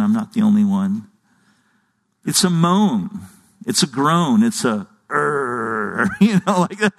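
A middle-aged man preaching a sermon, earnest and conversational, often restarting his sentences. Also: high voice. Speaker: pastor. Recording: long hall reverb.

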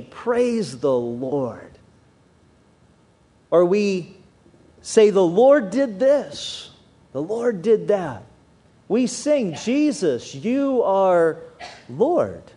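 Man, pastor, sermon, high voice, lively and swooping delivery. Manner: animated preaching with wide swings in pitch and loudness.

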